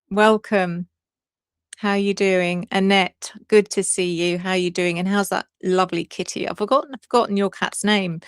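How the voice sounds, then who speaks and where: A woman tarot reader hosting a casual live stream, chatty and excitable, laughing often and greeting viewers by name. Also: medium pitch, clear, resonant tone, dry recording, clean studio sound.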